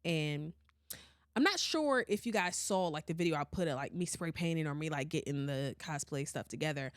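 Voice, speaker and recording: Lively woman podcast host telling stories. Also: deep voice, normal speed, no echo, clean studio sound. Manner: animated, laughing, swearing often. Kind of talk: casual storytelling chat.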